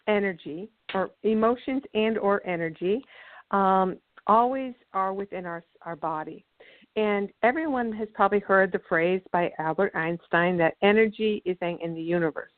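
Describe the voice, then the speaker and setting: A woman guest on a call-in radio show, explaining ideas about emotional energy in a measured storytelling way. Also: mid-range voice, expressive, dry recording. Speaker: guest, energy healer and author. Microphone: phone. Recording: dry, tinny phone line.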